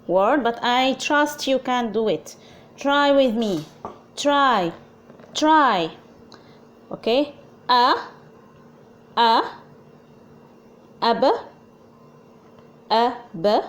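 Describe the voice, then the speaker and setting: A woman's voice: on the high side, expressive, slow pace, long pauses. A woman with an Arabic accent teaching a language lesson, speaking patiently and repeating sounds for learners to copy.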